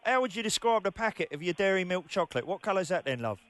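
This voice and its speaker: A man's voice: high voice, lively intonation, quick pace, a bit bright. A man putting on a shonky Cockney accent to play a bullying corporate enforcer in a prank phone call, full of slang and mock threats. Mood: menacing. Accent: put-on Cockney.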